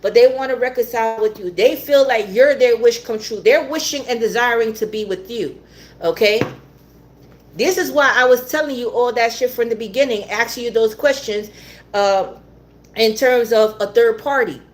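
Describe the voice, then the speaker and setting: At normal speed, a woman with a slightly high voice does a tarot reading in a frank, repetitive way. Laughter comes often, along with the occasional curse.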